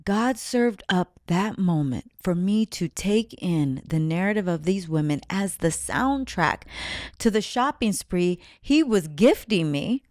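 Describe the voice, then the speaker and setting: A woman's voice: lowish voice, lively intonation, unhurried, a little mellow, no room sound, clean studio sound. A woman telling a personal story in a casual monologue, acting out overheard quotes, sometimes in a whisper. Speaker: spiritual vlogger.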